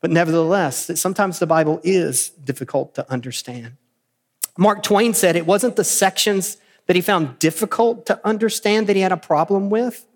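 A man preaching a sermon as pastor, earnest, repeating key phrases and rising to animated emphasis. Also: high-pitched, normal speed, long reverb tail. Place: church sanctuary.

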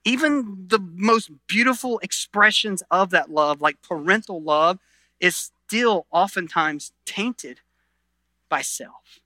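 A middle-aged man preaching a sermon as pastor, earnest, swinging between loud emphasis and quiet intensity, often restarting phrases. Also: sits high, slow pace, no echo.

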